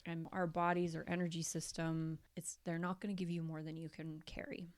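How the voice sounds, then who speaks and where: A woman co-hosting a casual podcast chat, talking in an animated, chatty way and acting out what people say. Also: deep voice, a little fast. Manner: chatty, animated, acts out quoted voices. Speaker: podcast co-host.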